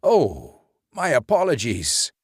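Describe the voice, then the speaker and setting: A gracious, formal old grandfather in a horror storybook, voiced by a male narrator. He speaks in an unhurried, courtly way, his gravelly voice rising and falling with lively pitch. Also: no echo, clean studio sound, exaggerated voice. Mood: courteous.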